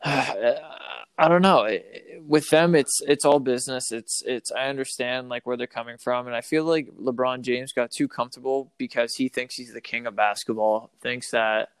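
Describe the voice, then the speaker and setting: A man with a smooth, resonant voice and a mid-range pitch, picking his words haltingly as he vents his frustration in casual sports chat. The sound is dry and close, with no room tone. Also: dry recording. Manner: hesitant, halting, frustrated, lots of "like" and "I don't know". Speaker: podcast co-host, coach.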